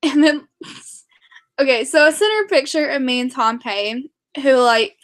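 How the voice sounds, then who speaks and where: A young woman vlogging casually to camera, rambling and excitable, with many fillers and restarts. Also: high voice, measured pace.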